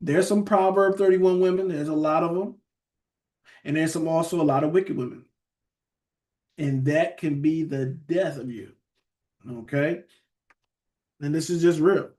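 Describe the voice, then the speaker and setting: A man's voice: a little high, unhurried, pauses often, a little mellow. A man. He talks conversationally, reads verses aloud, and keeps checking in with his listeners by asking "right?". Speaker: Bible teacher. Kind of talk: scripture study teaching.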